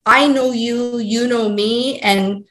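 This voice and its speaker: A woman's voice: a little high, steady tone, takes it slowly, a bit bright. A woman from Hawaii, a podcast guest, telling a personal story in an earnest, heartfelt way.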